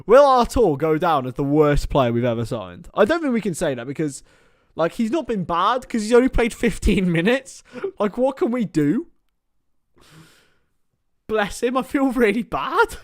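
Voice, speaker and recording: A man's voice: high-pitched, big pitch swings, measured pace, pauses often, dry recording, studio quality. A young man hosting a live stream, casually commenting on a football match and chatting with viewers by name, laughing often.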